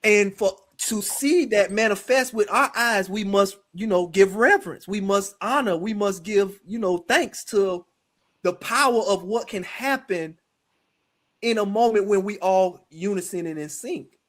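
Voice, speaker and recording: Brief: middle-aged man, high voice, animated guest storyteller who acts out other people's lines. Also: a little slow. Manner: animated, slips into quoted voices. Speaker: guest, spiritual practitioner. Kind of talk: personal storytelling in conversation.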